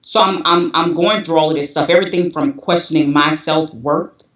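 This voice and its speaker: A woman's voice: low voice, fairly even intonation, normal speed, a bit bright. A woman in her forties giving a candid, emotional personal testimony, restless and repeating herself as she talks. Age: 40s. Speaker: guest. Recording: roomy, distant, dull sound.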